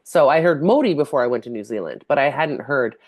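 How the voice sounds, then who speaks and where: Low-voiced woman podcast co-host. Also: expressive, quick pace, a little mellow, dry recording, studio quality. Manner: thoughtful, self-deprecating, gives short backchannels. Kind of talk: casual chat.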